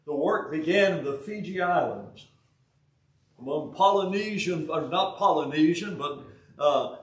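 A man in his eighties with a Southern US accent, from Alabama, preaching a sermon in a folksy way with joking asides and halting restarts. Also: a little high. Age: 80s. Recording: roomy sound, from a distance.

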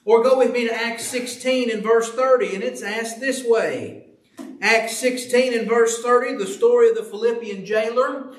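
Earnest preacher guy, high voice, sermon in a church, kinda distant from the mic. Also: steady tone, normal speed. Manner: earnest, rhetorical questions, reads scripture aloud. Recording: echoey room, voice from off the mic.

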